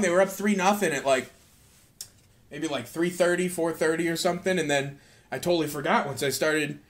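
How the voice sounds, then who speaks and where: A man hosting a solo podcast, talking in a rambling, profane, excitable way, tired out. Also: on the high side. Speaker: podcast host. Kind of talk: casual solo podcast rant.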